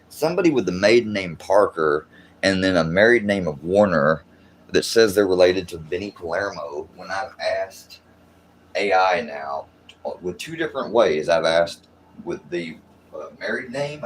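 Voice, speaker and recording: A man's voice: deep voice, a little hiss or hum. A man hosting a livestream, ranting in a casual, profane, exasperated way and rambling as he talks to his chat. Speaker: livestream host.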